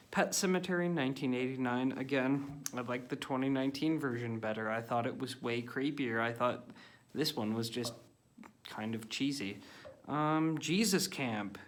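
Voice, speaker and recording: Rambling man giving blunt movie takes. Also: mid-range voice. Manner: rambling, blunt, filler-heavy opinions. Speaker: film reviewer. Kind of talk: casual movie-list vlog.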